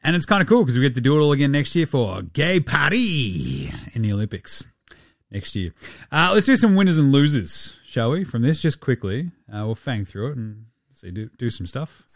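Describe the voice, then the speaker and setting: A man's voice: mid-range voice, normal speed, dry recording, clean studio sound. An Australian man hosting a casual sports podcast, rambling, swearing freely and laughing at his own jokes. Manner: animated, profane, rambling. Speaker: podcast host.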